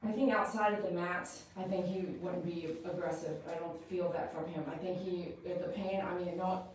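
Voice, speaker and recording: A woman's voice: on the low side, fairly even intonation, moderate pace, distant mic, a little hiss or hum. A woman dog groomer at work, talking a client through the grooming and coaxing the dog in a chatty way. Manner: chatty, coaxing the dog and explaining as she works. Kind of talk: explaining a grooming to a client on camera. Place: grooming salon. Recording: very echoey room, voice from off mic.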